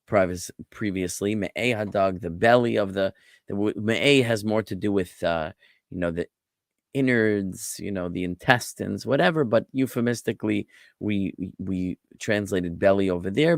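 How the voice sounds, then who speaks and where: A man, a rabbi, giving a relaxed online class on Biblical Hebrew, explaining words patiently and wandering off into asides. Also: lowish voice, gravelly, dry recording, studio quality. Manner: relaxed, explanatory, digressive with fillers.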